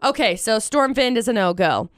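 A young woman with a high, smooth, clear voice running a playful quiz as a radio co-host. She is upbeat and stops now and then to spell words out letter by letter. The sound is close and dry. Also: lively intonation, moderate pace, a bit bright, no echo. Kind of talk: casual radio banter.

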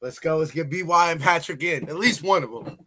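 A man's voice: fairly high pitch, a little fast, very noisy. A man hosting a casual sports podcast, chatty and folksy, often restarting his sentences and sounding a bit tired. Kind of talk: casual sports talk show.

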